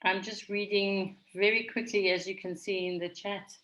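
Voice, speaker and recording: Measured woman facilitating an online conference. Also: medium pitch, flat delivery, a bit bright, poor audio. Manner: measured, orderly, reads names from the chat. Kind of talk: moderating an online conference session. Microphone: video call.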